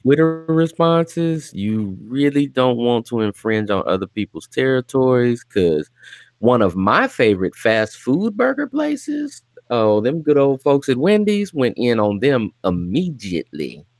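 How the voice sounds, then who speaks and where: A man co-hosting a podcast, making drawn-out, mock-serious remarks in casual banter. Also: mid-range voice, very animated, a little mellow, no echo. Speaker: podcast co-host.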